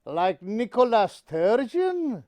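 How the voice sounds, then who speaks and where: A man's voice: high voice, big pitch swings, slow, dark tone, slight background noise, exaggerated voice. A man playing a cheeky comic guest of Pakistani roots, speaking in a put-on Scottish accent over Indian English and calling people "laddie". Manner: drawling, uses "laddie" and "wee".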